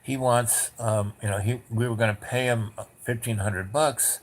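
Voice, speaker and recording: A man's voice: mid-range voice, fairly even intonation, measured pace. A man hosting a podcast, telling a story in a casual, rambling way with restarts, asides and blunt swearing. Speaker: podcast host.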